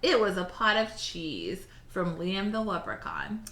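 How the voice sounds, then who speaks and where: Encouraging woman teacher, bright and roomy. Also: medium pitch, big pitch swings, slight background noise. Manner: clear, encouraging, slightly halting when speaking freely. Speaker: elementary school teacher. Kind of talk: reading a storybook aloud and giving assignments. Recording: roomy echo.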